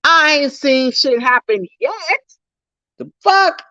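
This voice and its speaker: A woman's voice: sits high, expressive, slow pace, sharp tone, dry recording. A woman hosting a livestream, ranting at viewers in a profane, confrontational, emphatic way. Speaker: YouTuber livestream host. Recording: dull lo-fi dry sound.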